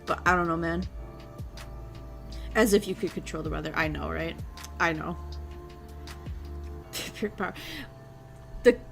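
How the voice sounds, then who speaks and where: A woman's voice: lowish voice, a bit bright. A woman streamer in a casual chat, rambling and giggling as she goes, with easy, offhand swearing.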